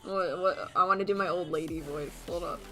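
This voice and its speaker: A woman's voice: fairly low pitch, fairly even intonation, a little fast, fairly bright tone, faint music behind. A young woman chatting casually on a livestream, giggly and rambling with lots of fillers. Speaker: streamer and artist.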